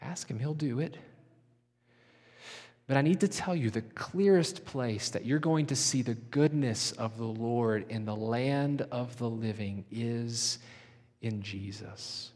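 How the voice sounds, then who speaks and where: A middle-aged man preaching a sermon in a church, earnest and slowing down to soften his voice for emphasis. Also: mid-range voice. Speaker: pastor. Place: church sanctuary. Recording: long reverb of a large hall.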